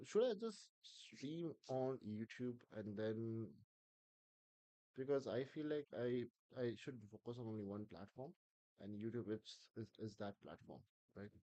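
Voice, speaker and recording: A man chatting on a live stream, thinking aloud and halting with restarts. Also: medium pitch, animated, warm tone, dry recording. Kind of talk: casual live-stream talk.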